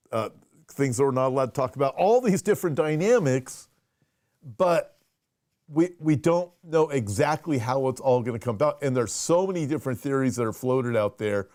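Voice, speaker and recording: A man's voice: mid-range voice, a little mellow, dry recording, studio quality. A man, a pastor, hosting a casual conversational show with lots of restarts as he talks. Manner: conversational, restarts and fillers, reads viewer questions. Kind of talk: casual chat.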